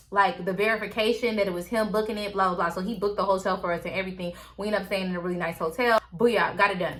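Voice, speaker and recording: A woman's voice: mid-range voice, fairly bright tone. A woman vlogger casually telling a story to her viewers, candid and chatty.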